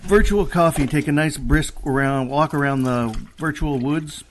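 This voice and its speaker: A man's voice: a little high, normal speed, a little hiss or hum. Easygoing man hosting a radio interview. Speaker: radio host. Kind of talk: casual interview.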